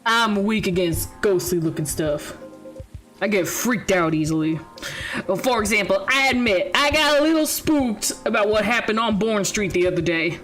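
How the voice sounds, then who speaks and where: A woman's voice: medium pitch, lively intonation, normal speed, fairly bright tone, soft background music, natural voice. A woman voicing a nervous, easily spooked young cop in a visual novel game, earnest and chatty.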